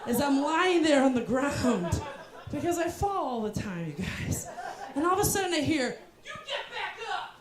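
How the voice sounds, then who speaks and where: A woman's voice: high-pitched, sing-song, moderate pace. A young woman performing a stand-up comedy set, telling self-deprecating stories with voiced asides and punchlines. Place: live comedy venue with audience. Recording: roomy live venue with crowd.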